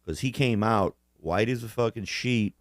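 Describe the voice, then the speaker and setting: A man with a deep, low voice rambles through a casual podcast chat, swearing freely and laughing as he acts out what others did. The sound is close and dry, with no room around it. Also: normal speed, no room sound. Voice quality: swears constantly, animated mimicry. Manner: laughs often, rambling restarts. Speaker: podcast co-host.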